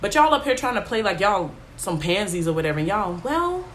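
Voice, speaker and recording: A young woman talks off the cuff, blunt and rambling, her pitch swinging widely from low mutters to sharp highs. A faint hiss of noise sits under the recording. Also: big pitch swings, a little fast. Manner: blunt, rambling, goes on tangents. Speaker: podcast host. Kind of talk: casual monologue.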